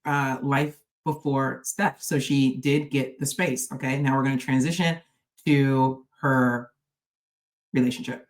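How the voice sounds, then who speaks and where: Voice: mid-range voice, steady tone, a little slow. A reaction video host commenting casually to viewers, chatty and loose. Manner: talks straight to viewers, chatty, trails off and restarts.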